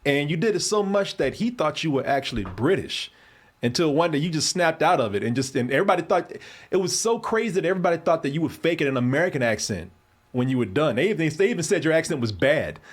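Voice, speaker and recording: A man with a slightly high voice hosts a casual interview. He is chatty and laughs easily. He strings his questions together in long, rambling runs. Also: very animated, fast talker. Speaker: interview host.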